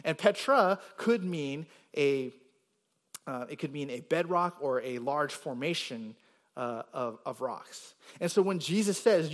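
A pastor explaining a Bible passage in a sermon, checking in with the congregation and pushing hard on quoted words. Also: male voice, fairly high pitch, expressive, a little slow. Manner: explanatory, rising emphasis on quoted words, frequent "right?" checks. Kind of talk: sermon teaching.

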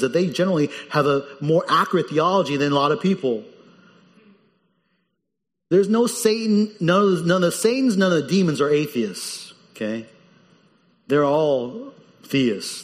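A man preaching a sermon as the pastor, animated and lively, his voice jumping up when he quotes people in the story. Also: on the high side, moderate pace, big-room sound.

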